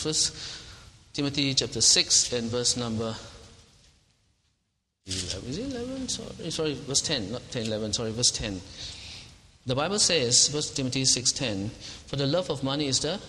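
A man preaching a sermon, emphatic and animated, often repeating words and laughing as he talks. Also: mid-range voice, big-room sound, slight background noise, poor audio.

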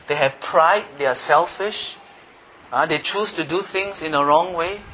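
A man's voice: a little high, a little slow, sharp tone, a little hiss or hum. A man preaching a sermon with emphatic repetition, asking his listeners questions.

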